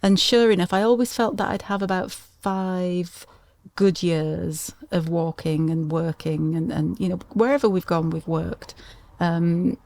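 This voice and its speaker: A middle-aged woman with a slightly low speaking voice, relaxed in a casual interview. She rambles through her stories with many restarts and laughs often, chatty and open. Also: a little slow, creaky, no room sound. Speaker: podcast guest.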